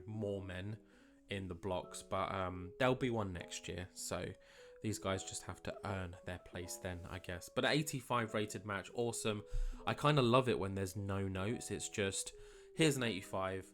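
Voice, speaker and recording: Chatty man over soft guitar. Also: fairly low pitch. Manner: chatty, rambling, many fillers. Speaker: let's play host. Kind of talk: casual game commentary. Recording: faint guitar music behind.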